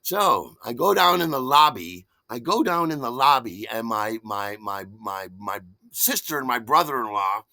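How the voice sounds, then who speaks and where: A man in his sixties, the host, telling a personal story in a theatrical, animated way that swings from loud to hushed. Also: medium pitch, moderate pace, creaky, hardly any pauses, a little hiss or hum. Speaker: podcast host.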